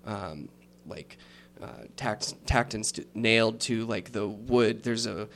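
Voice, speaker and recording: A man's voice: lowish voice, gravelly, a bit bright, a little hiss or hum. Guy gm narrating a tabletop game, takes his time, rambly with lots of ums. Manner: unhurried and rambling, with many fillers. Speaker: game master.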